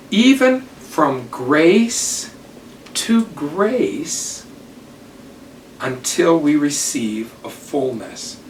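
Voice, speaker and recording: An older man gives a devotional talk, taking his time with each story and weighing every phrase. His voice sits a little high for a man. He is heard from some distance in a roomy space with faint background hum. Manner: slow, deliberate storytelling. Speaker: church teacher. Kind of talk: devotional talk with personal stories.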